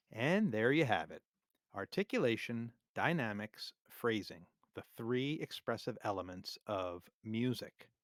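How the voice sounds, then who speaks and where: A man teaching music theory for drummers in a scripted, measured, clearly explained lesson narration. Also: mid-range voice, no room sound, clean studio sound. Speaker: drum teacher.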